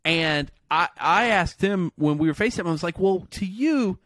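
A man with a Southern US accent co-hosting a casual podcast chat, laughing often and talking excitably. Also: high voice, moderate pace, no room sound, clean studio sound. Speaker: podcast co-host.

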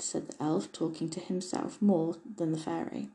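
Mellow-voiced woman reading a fairy tale. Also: deep voice, fairly even intonation, moderate pace, vocal fry, hardly any pauses, low-quality recording. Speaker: narrator. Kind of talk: audiobook narration of a Victorian fairy tale.

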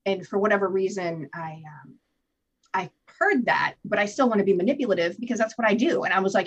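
A woman guest telling her own recovery story in an interview, candid and animated, swearing freely and acting out what she told herself. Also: medium pitch, a little fast, slightly rough, lo-fi sound. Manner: candid, animated storytelling with profanity and acted-out inner voices. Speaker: podcast guest.

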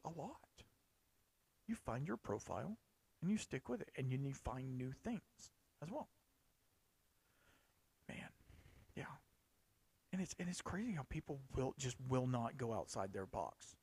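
Gravelly-voiced man chatting on a podcast. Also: mid-range voice, lively intonation, measured pace, long pauses, a little mellow. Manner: chatty, rambling, with many fillers and restarts. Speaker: podcast host. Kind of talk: casual solo podcast talk.

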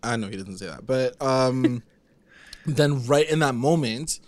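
A man's voice: mid-range voice, takes it slowly, no echo. A young man casually recapping a TV episode, rambling with lots of filler words and frequent laughs. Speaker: podcast co-host recapping a TV episode. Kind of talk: casual chat.

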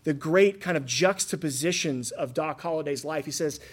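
A man in his thirties preaching a sermon, telling stories earnestly and asking his listeners rhetorical questions, shifting between loud and hushed. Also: a little high, moderate pace, breathy edge. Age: 30s. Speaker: pastor.

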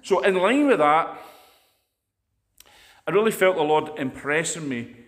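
A man's voice: a little high, animated, unhurried, echoey room. A man with a Scottish accent preaching a conversational sermon, telling stories in a chatty, anecdotal way.

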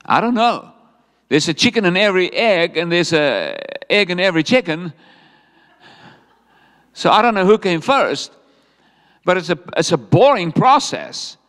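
A man delivers a sermon in a high voice that leaps up and down with energy. He jokes and fires rhetorical questions at the congregation. The church hall gives his words a long, echoing tail. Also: sing-song, measured pace, pauses often, fairly bright tone. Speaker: preacher.

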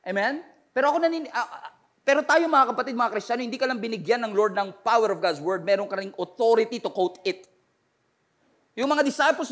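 A middle-aged pastor with a Filipino accent preaches in a bright, high voice. He switches between Filipino and English and keeps drawing answers from his congregation. At times he builds up to forceful shouts. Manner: preaching with call-and-response, rising to shouts. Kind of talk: sermon mixing Filipino and English.

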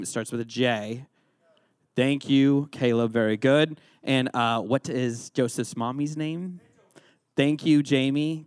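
A youth pastor with a medium-pitched, clear and resonant voice leads an interactive Bible lesson. He's playful, joking as he goes and quizzing his listeners. The recording is clean studio sound with no room echo.

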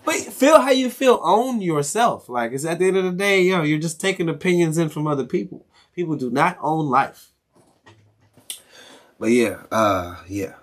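A man's voice: on the high side, animated, moderate pace. Profane, rambling young man from Maryland. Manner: profane, rambling rant with frequent laughs. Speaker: podcast host. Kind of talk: casual solo podcast monologue.

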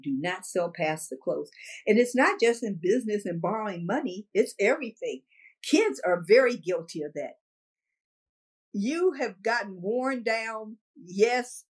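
An older woman answering interview questions with animated storytelling, emphatic repetition and frequent laughter. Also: mid-range voice, husky. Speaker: interviewee, businesswoman.

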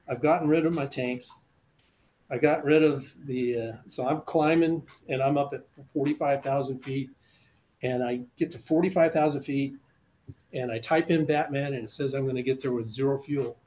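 A man in his sixties telling an animated, chuckling story as an interview guest. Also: mid-range voice, moderate pace. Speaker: guest, veteran fighter pilot. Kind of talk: casual storytelling. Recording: slightly dull recording, faint hiss.

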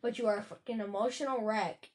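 A woman co-hosting a casual podcast with a high voice. She is blunt and swears freely, delivering her opinions like a mock rant. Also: fairly even intonation, fast talker, darkish tone. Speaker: podcast co-host. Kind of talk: casual chat.

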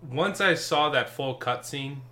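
Brief: male co-host, bright and forceful voice, laughs often, casual game talk. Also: mid-range voice, measured pace. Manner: laughs often, hesitant with ums. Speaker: podcast co-host. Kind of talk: casual gaming chat.

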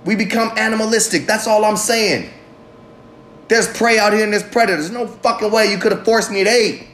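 A man hosting his own podcast, talking in a profane, rambling casual monologue that swings between loud bursts and low mutters. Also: fairly even intonation, fairly quick, roomy sound, a little hiss or hum. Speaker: podcast host.

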